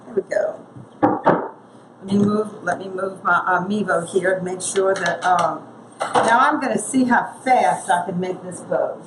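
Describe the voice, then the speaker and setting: A woman's voice: medium pitch, measured pace. A woman, chatting through a craft tutorial as she works. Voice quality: gravelly. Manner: chatty, thinks aloud while working. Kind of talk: casual craft demonstration. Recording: echoey room with noise.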